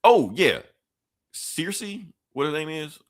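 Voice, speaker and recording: Animated, profane male podcast host. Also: fairly high pitch, takes it slowly. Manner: animated, profane, laughing often. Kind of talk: casual podcast chat.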